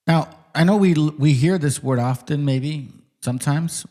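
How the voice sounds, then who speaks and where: A man's voice: on the high side, unhurried, dark tone. A man hosting a class, giving lecture-style commentary, who calls his listeners friends and reads aloud from his notes. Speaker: host teaching a class.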